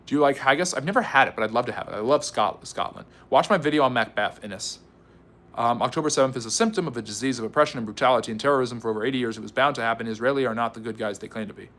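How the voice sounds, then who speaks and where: American man, livestream host, rapid chatty delivery answering chat, playful teasing tone. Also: medium pitch, fairly bright tone. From United States. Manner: quick, chatty, teasing, with many fillers and restarts. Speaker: history channel livestream host. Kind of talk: live stream reading and answering chat comments.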